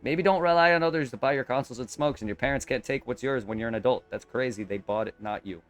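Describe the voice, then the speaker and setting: A man on a live game stream, venting in a heated, profane, rapid-fire way. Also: mid-range voice, soft background music.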